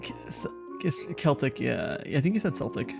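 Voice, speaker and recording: A man's voice: medium pitch, big pitch swings, brisk, creaky, over music. A man hosting a casual chat, rambling and hesitant, often trailing off mid-thought. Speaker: host.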